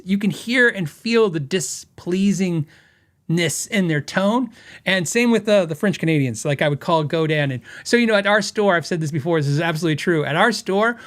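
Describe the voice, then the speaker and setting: A man hosting a podcast, telling stories in a rambling, casual way and laughing often. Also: sits high. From western United States. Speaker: podcast host.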